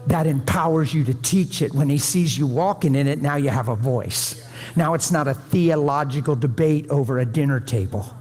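A man's voice: on the high side, moderate pace, darkish tone. A man preaching a sermon to a room, folksy and conversational, pleading with his listeners. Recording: long hall reverb.

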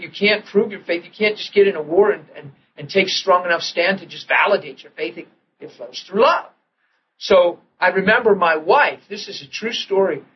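Male preacher, fairly high voice, storytelling sermon with repeated restarts, dull recording. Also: a little hiss or hum. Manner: animated storytelling, repeats and restarts, drops to soft tones for quoted prayers.

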